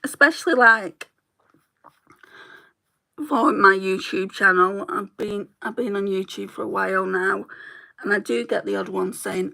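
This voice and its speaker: A woman's voice: mid-range voice, steady tone, a little slow, creaky, bright, forceful tone, low-quality recording. A woman beauty YouTuber chatting casually while doing her makeup, rambling and laughing easily as she talks.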